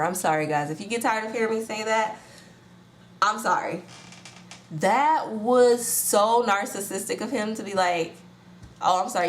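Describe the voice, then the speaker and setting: A woman's voice: lowish voice, slight background noise. Gossipy woman recapping reality TV. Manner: animated, gossipy, slangy with bursts of outrage. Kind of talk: casual watch-along commentary. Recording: echoey room with faint ambience.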